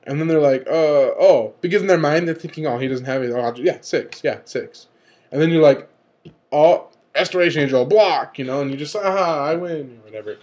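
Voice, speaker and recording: A young man talks straight to camera in a loose, rambling vlog. He gets animated and slips into little voices for other players. His pitch sits in an ordinary middle range for a man. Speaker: vlog host. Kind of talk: casual talking-to-camera vlog.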